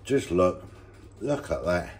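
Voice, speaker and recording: A man presenting a casual home cooking video, relaxed and enthusiastic about the food. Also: low-pitched, takes it slowly, slight background noise.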